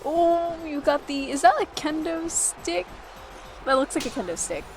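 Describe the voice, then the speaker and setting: A woman's voice: high-pitched, lively intonation, normal speed, faint music behind, rough recording. A woman co-commentating a game casually, giggling and reacting with short interjections. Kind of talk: casual gameplay chat.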